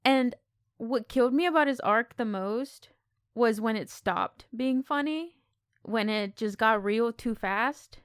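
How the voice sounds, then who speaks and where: Woman on a podcast, smooth clear voice, close dry mic, lively and a bit sweary. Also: fairly high pitch, slow, no room sound. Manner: expressive, swears casually. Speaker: podcast co-host. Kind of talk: casual film discussion.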